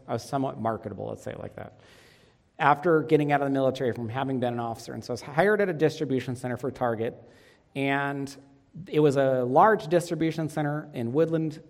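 Middle-aged male pastor, conversational sermon delivery with rhetorical questions, mid-pitched voice, long hall reverb. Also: vocal fry, a little mellow.

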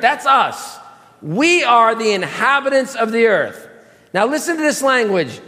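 High-voiced man preaching a sermon. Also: sing-song, unhurried, bright, forceful tone, in a large hall. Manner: emphatic, questions the congregation directly. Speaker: pastor. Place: church sanctuary.

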